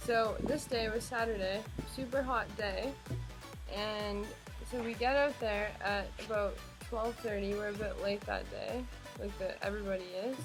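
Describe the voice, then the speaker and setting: A woman's voice: mid-range voice, animated, normal speed, music in the background. A young woman casually and earnestly explaining what happened, talking to camera for a vlog. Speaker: vlogger.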